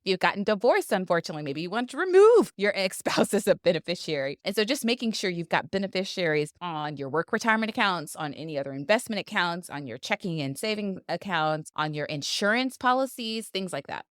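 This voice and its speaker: Animated woman podcast co-host, lowish voice. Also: fairly quick, few pauses, dry recording, clean studio sound. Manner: animated storyteller, playful asides. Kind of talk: casual podcast chat.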